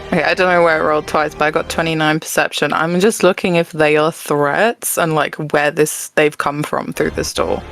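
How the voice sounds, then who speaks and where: A woman's voice: deep voice, normal speed, gravelly, hardly any pauses, faint music behind. A woman playing a tabletop game, talking hesitantly and restarting sentences. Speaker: player.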